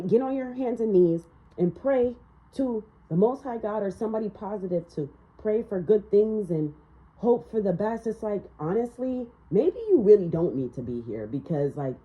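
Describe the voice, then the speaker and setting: A woman's voice: mid-range voice, dark tone, dull audio. A woman giving a casual spiritual tarot reading in a blunt, ranting manner, swearing freely. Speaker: tarot reader.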